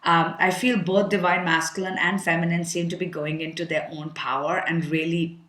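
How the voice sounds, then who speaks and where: A woman with a fairly low voice talks through a tarot reading in a loose, frank, chatty way, thinking aloud as she goes. Her voice carries a noticeable roomy echo. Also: little pitch movement, moderate pace, fairly bright tone. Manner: chatty and frank, thinking aloud, with filler words and the odd curse. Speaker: tarot card reader. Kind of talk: casual tarot reading to camera.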